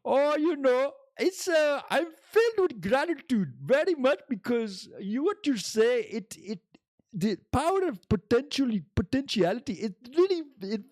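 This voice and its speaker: A man voicing a cheerful, overly polite man who speaks in a high, sing-song, gushing way. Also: sing-song, moderate pace, a little mellow, no room sound. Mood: effusive.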